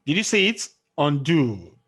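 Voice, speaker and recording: Husky guy teaching a class, slow and drawn out, voice goes up and down a lot. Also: mid-range voice, animated. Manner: slow, drawn-out explaining with questions to students. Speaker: English teacher. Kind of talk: classroom lesson.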